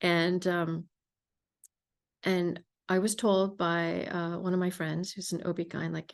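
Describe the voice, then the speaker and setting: A woman hosting a podcast interview, telling stories in a casual, emphatic and animated way. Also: fairly low pitch, unhurried. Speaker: podcast host.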